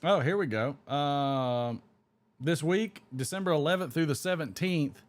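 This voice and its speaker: A man's voice: on the high side, a little slow. Rambling man chatting on a live stream. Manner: rambling, reads chat comments aloud and chuckles. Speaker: host of a live pipe-smoking stream. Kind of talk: casual live-stream chat.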